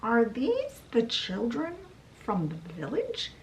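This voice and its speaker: Brief: a high-pitched, outraged teenage girl, as a woman reads her. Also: huge pitch swings, slow, a little hiss or hum, exaggerated voice, poor audio. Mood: horrified. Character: distressed teenage girl, horrified and defiant.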